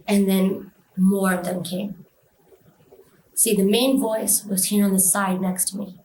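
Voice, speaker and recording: A woman's voice: medium pitch, little pitch movement, a little slow, pauses often, mellow, roomy sound, slight background noise, rough recording. A woman telling a personal experience in an interview, emotional and vivid, acting out the voices of others. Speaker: interview guest.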